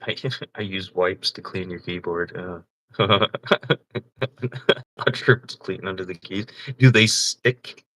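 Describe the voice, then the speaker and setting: A man hosting a casual livestream chat, telling crude, animated stories and laughing often. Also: deep voice, takes it slowly. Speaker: livestream host.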